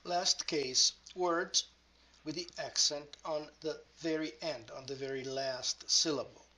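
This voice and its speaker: Male teacher giving a grammar lesson, unhurried and careful, stretching example words; clear, bright tone. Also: a little high, fairly even intonation. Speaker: language teacher.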